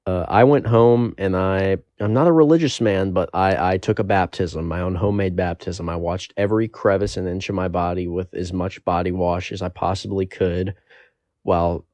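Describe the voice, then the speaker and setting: Low-voiced young man telling a wild story. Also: no room sound. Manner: rambling, profane, animated storytelling. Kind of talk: casual storytime monologue.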